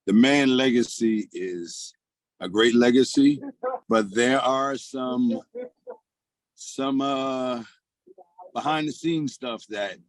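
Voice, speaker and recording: A man co-hosting a comedy news panel, speaking haltingly with many fillers. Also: mid-range voice, no echo. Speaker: co-host.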